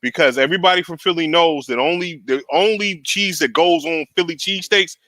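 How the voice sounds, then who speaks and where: A man's voice: on the high side, a little fast, bright, forceful tone, no echo. A man from Philadelphia co-hosting a podcast, emphatic and opinionated in casual chat. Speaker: podcast co-host.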